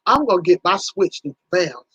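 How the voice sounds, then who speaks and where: Animated woman on a casual livestream. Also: fairly low pitch, moderate pace, slightly rough, no echo, highs cut off. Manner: animated, exclaiming, teasing viewers by name. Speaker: livestream host.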